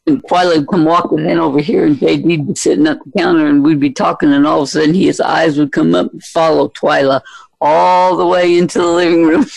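A man telling animated family stories in casual conversation. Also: on the high side, brisk, vocal fry, dry recording, low-quality recording. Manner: animated storyteller. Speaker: family friend visiting. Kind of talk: casual storytelling among family.

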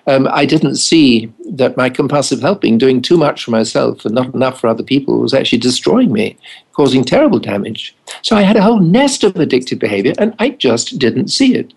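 A man's voice: medium pitch, sing-song, fairly quick, gravelly, a little mellow, slightly rough, poor audio. An older English man, a family doctor, recounting anecdotes wryly in an interview and acting out the dialogue. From England. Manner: anecdotal, wry, acts out dialogue. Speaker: family doctor and addiction specialist. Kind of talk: storytelling in an interview.

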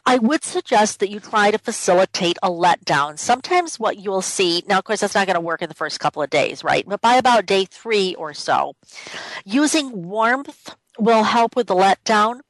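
Warm-up-free radio host: a woman talking in a dry, close voice, casual and emphatic. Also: medium pitch, animated, moderate pace, no echo, rough recording. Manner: emphatic, repeats key points. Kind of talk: conversational radio talk. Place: home office.

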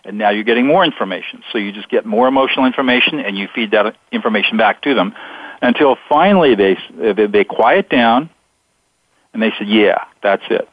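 Low-voiced man explaining in measured steps. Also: no echo. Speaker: guest author. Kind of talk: radio interview. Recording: dull lo-fi radio sound.

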